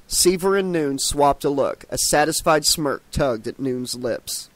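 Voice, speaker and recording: A man's voice: on the high side, lively intonation, a little slow, few pauses, dry recording. A man narrating an audiobook, reading with small stumbles and restarts.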